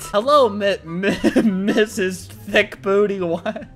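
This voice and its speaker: A young man giving excitable, foul-mouthed comedic commentary while playing a game, often bursting into laughter. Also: high voice, slow pace. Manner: excitable, swears a lot, frequent laughing outbursts. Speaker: gaming YouTuber. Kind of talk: comedic let's-play commentary.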